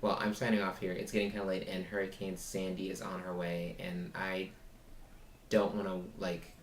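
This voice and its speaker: A man's voice: deep voice, flat delivery, moderate pace, reverberant, a little hiss or hum. A man recording a casual vlog about being a foster parent, rambling as he retells a conversation and voices both sides of it.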